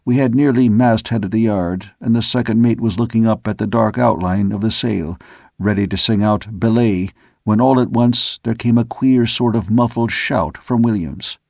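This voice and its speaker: A man reading a novel aloud as an audiobook narrator, in a measured, steady storytelling manner. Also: fairly low pitch, vocal fry, dry recording, clean studio sound. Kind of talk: scripted narration.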